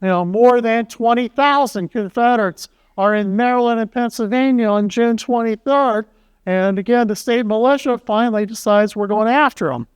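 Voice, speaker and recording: A man's voice: very high voice, moderate pace, clean tone, no room sound. A man presenting a public history lecture to a local audience. He talks in a folksy, conversational way and drops wry asides to the crowd.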